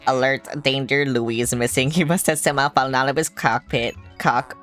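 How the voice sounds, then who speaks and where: A streamer voicing a robot spaceship, reading game lines in a fast, flat monotone. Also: mid-range voice, faint music behind, close to an everyday voice. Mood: urgent. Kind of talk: reading game dialogue aloud in a voice.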